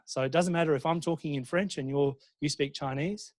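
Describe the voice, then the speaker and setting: An Australian university lecturer speaks briskly in a slightly high voice during a conference presentation. His delivery is animated, with check-ins for the audience and plenty of fillers and restarts.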